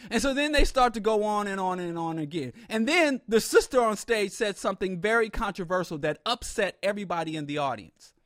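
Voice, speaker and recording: A man telling a humorous story in an animated, comic way with exaggerated asides. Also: high-pitched, a little fast, hardly any pauses, no room sound, clean studio sound.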